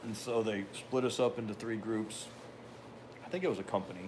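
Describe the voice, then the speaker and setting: An older man with a fairly low voice tells a long, rambling story in an easy conversational way. He drops in dry asides as he goes, and there is a faint hiss of noise behind him. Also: fairly even intonation, fairly quick. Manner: rambling anecdotal delivery with wry asides. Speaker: podcast host. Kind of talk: casual storytelling.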